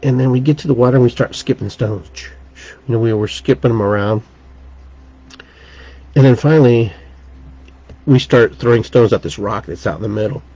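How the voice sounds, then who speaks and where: A man's voice: medium pitch, normal speed, pauses often, warm tone, husky. A man hosting his own podcast, telling a rambling, earnest story in a casual way and restarting his sentences often. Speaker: podcast host and shaman teacher. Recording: dull lo-fi recording.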